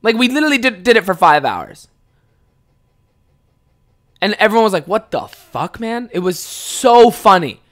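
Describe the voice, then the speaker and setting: A young man from Ontario hosts a podcast, telling stories in a loose, rambling way. He swears freely and laughs often. His voice sits a little high for a man. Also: sing-song, moderate pace, pauses often, fairly bright tone. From Ontario, Canada. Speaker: podcast host. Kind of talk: casual storytelling.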